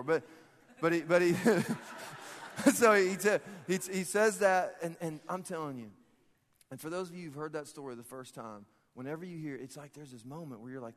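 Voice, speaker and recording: A man in his thirties, a pastor preaching a sermon, telling a personal story in an animated, joking way and often laughing. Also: a little high. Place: large church hall. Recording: long reverb of a church hall.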